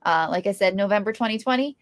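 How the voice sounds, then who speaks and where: A woman co-hosts a casual podcast, enthusiastic and steady as she talks to listeners. Her voice sits at a middle pitch. The recording is dry and close. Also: quick pace, dry recording. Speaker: podcast co-host.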